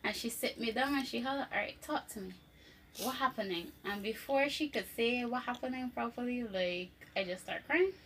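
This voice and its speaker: A woman's voice: a little high, a little fast, a little hiss or hum. A woman, casually telling a personal story and acting out what other people said, laughing often. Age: 20s. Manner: animated, acts out quoted voices, laughs often. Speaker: co-host telling her testimony.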